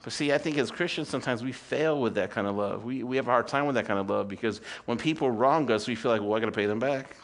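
A man in his fifties preaching a sermon to a church congregation, swinging between loud emphatic peaks and quiet asides, with rhetorical questions and calls for amen. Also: mid-range voice, fast, few pauses. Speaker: pastor.

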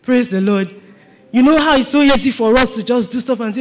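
A male pastor with a very high-pitched voice preaches emphatically and a little fast, repeating his points and calling on the congregation to respond. Soft music plays in the background.

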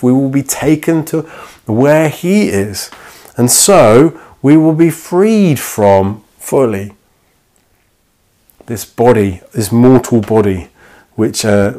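A man's voice: medium pitch, dark tone. A man preaching a sermon in a church, in a conversational way that acts out little quoted exchanges.

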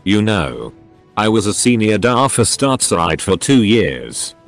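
A man's voice: fairly low pitch, sing-song, slow pace, faint music behind, heavily acted. A man doing a shrewd, patient interrogator. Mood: probing. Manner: probing and patient.

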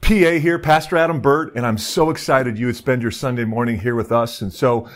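A man's voice: mid-range voice, steady tone, fairly quick. A male pastor giving a casual, joking sermon to his congregation, full of filler words and restarts. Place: church service broadcast.

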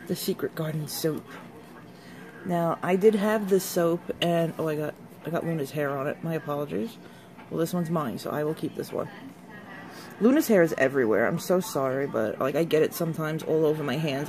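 A woman vlogger chatting casually through an unboxing, excitable and gushing over each product. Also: low-pitched, slight background noise.

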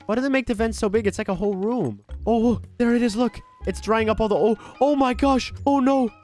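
A young man giving excited gameplay commentary while playing a baby, with frequent yelps and gasps. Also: high voice, fast, soft background music. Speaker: gaming YouTuber.

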